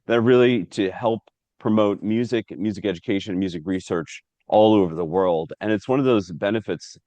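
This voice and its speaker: Deep-voiced man hosting over a video call. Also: normal speed, no room sound. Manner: relaxed, explanatory, some filler. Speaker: host. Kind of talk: casual video-call interview.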